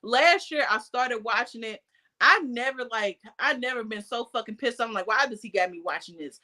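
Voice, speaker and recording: High bright animated woman storyteller. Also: moderate pace. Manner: animated storyteller, heavy swearing, loud outbursts. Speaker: podcast co-host. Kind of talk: casual chat.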